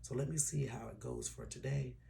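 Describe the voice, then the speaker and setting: A man gives his followers a heartfelt vlog update. His voice is gravelly and hoarse from a tired throat. A faint hiss sits under the recording. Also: mid-range voice, wildly swooping pitch, fairly quick, mellow. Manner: earnest, personal and emotional, drops to a whisper at times. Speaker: YouTuber.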